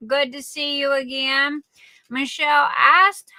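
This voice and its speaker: Woman, livestream host, high-pitched voice, very bright tone, chatty greetings. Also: steady tone, slow, dry recording. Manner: warm chatty shout-outs, calls viewers darling.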